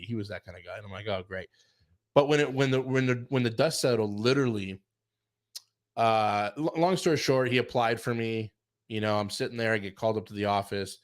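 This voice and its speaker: Animated low-voiced man telling stories. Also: fairly quick. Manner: animated, acts out quotes, many fillers like "like". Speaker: chef and show guest telling his career story. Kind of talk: casual storytelling chat.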